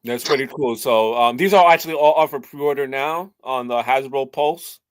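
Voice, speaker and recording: A man's voice: medium pitch, moderate pace, clean tone, no echo. A man co-hosting a podcast, chatting casually and telling stories, often saying "bro". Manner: relaxed storytelling, frequent "bro". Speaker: podcast co-host. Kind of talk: casual chat.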